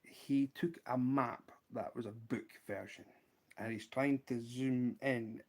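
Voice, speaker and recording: A man with a Scottish accent hosting a casual livestream, showing fly-tying materials and telling an animated story, laughing often. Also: mid-range voice, slow. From Scotland. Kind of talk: casual livestream chat and anecdote.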